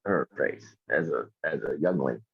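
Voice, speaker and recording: A man's voice: very deep voice, animated, moderate pace, gravelly, slightly rough, no echo. A man co-hosting a podcast in casual chat, cutting in with questions and short additions. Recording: dull, dry lo-fi recording.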